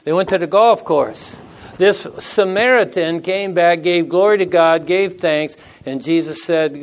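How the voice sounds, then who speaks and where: With a high-pitched voice and a measured pace, a man in his sixties preaches like a neighborly pastor. Stories carry the informal sermon, and he voices the quotes himself in everyday conversational language.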